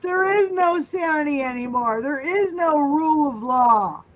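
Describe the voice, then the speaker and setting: A woman's voice: sits high, expressive, unhurried, highs cut off, slight background noise. A woman hosting a casual livestream, ranting angrily with heavy swearing while reading viewer comments. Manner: angry, heavy swearing rant.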